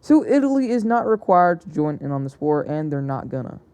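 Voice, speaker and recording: Mellow young man, casual hesitant narration. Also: a little high, sing-song, a little fast, smooth. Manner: hesitant, self-correcting, chatty. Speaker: narrator of an alternate-history map video.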